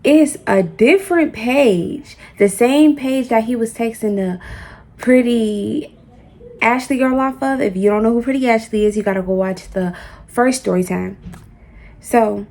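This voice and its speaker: A young woman tells a storytime in loose, slang-heavy talk, swearing freely and acting out what everyone said. Her voice sits a little high, and she keeps a casual vlog tone throughout. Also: measured pace. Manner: animated, profane, slangy, acts out quotes. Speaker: storyteller vlogger.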